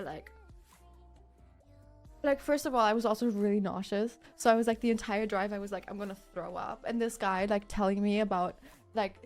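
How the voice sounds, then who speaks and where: German-accented young woman telling a story. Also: fairly high pitch. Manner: animated, acts out quotes, swears, many fillers. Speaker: streamer. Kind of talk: casual storytelling to chat.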